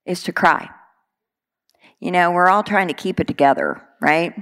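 A woman's voice: on the low side, moderate pace, a bit bright, clean tone. A middle-aged woman from Texas, preaching a sermon in an earnest, conversational way with many fillers.

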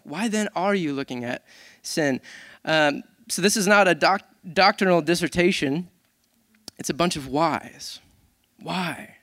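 Lively man preaching a casual sermon. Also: high voice, no room sound, studio quality. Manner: conversational, animated, self-deprecating humor. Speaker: worship leader.

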